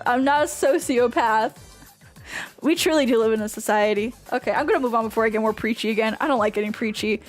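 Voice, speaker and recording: A woman's voice: on the high side, moderate pace, pauses often, faint music behind. A woman streamer in casual Q&A chat, ranting passionately and swearing freely. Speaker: VTuber streamer.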